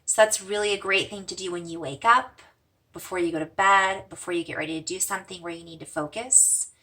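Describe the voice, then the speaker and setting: A woman gently teaching simple breathing exercises, slowing and softening her voice for the mantra lines. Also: lowish voice, steady tone, far from the mic. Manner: gentle, slows and softens for mantras, fades to whispers. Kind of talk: guided breathing lesson.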